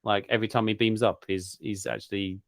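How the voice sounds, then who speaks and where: A man's voice: fairly low pitch, flat delivery, fairly quick, no room sound, clean studio sound. A man co-hosting a podcast, rambling and joking in casual chat, often laughing. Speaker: podcast co-host.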